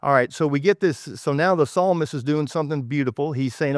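A man's voice: fairly high pitch, brisk, no echo, clean studio sound. A man with a Texas accent preaching a conversational sermon, folksy and self-correcting as he goes. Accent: Texan. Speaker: pastor.

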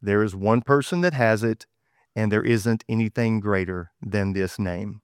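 A man's voice: on the low side, unhurried, smooth, dry recording, clean studio sound. A man with a Texas accent preaching a conversational sermon, folksy and self-correcting as he goes. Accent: Texan. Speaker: pastor.

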